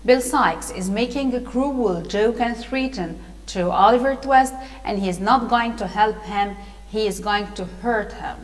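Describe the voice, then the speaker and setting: A woman's voice: fairly high pitch, in a large hall, low-quality recording. A woman teacher with an Egyptian accent reading a storybook to pupils and patiently explaining new words, with hesitations. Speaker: English teacher.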